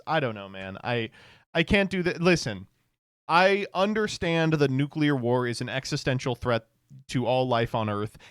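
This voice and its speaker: A man rants in a sarcastic, profane way on a live stream, trips over his words and restarts often. His voice is smooth and resonant, and it sounds dry and close, with no room echo. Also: a little high, fairly bright tone. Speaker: streamer and political commentator. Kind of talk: casual live-stream commentary.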